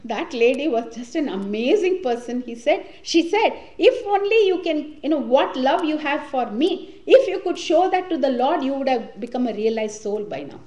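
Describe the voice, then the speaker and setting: Animated woman telling a devotional story. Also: sits high, normal speed, few pauses. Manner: warm, animated storytelling with Hindi words. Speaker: spiritual class leader. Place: community hall or temple room. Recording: echoey room recording.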